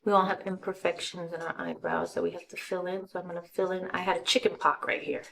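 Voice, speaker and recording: A middle-aged woman giving a casual makeup tutorial, chatty and relaxed, walking through each step and sometimes dropping to a soft murmur as she works. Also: lowish voice, fast talker, creaky.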